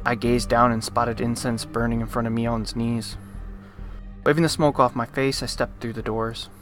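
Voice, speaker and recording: A man hosting a let's play, reading a visual novel's narration aloud and breaking off into animated, joking rants. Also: medium pitch, moderate pace, soft background music. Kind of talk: reading game text aloud with commentary.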